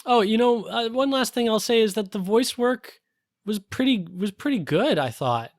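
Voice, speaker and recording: A man's voice: high-pitched, animated, normal speed, no echo, studio quality. A man co-hosting a film review podcast in casual chat, hesitant with many fillers and restarts. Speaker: podcast co-host.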